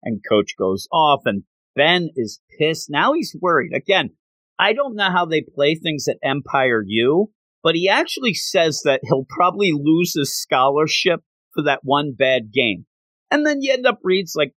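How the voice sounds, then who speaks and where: A man casually retelling a story in an animated way with joking asides. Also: fairly high pitch, moderate pace, dry recording.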